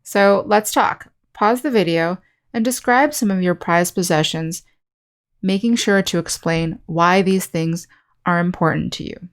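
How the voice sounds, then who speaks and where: Woman teaching an English lesson clearly. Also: on the low side. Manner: clear, slow, teacherly explanation with example sentences. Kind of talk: scripted online lesson.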